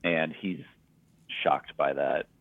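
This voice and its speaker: A man with a very deep voice walks through a film's plot in a relaxed, chatty podcast manner. His audio is narrow and phone-like. The sound is dry and close. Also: slow pace, dry recording. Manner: relaxed, storytelling, recapping plot. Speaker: podcast co-host. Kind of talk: casual movie recap chat.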